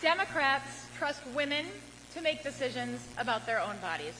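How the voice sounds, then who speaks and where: A woman's voice: sits high, very animated, moderate pace. A woman from Wisconsin, a politician giving a rousing campaign rally speech and leading the crowd in call-and-response. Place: large hall at a campaign rally. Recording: reverberant hall with loud crowd noise.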